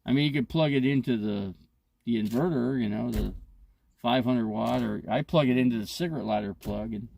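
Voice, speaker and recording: Casting note: a gravelly fifties man, chatty host, rambling and cursing through his stories. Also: medium pitch, brisk, no room sound. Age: 50s. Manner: rambling, profane, animated retelling. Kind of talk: casual chat. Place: inside an RV.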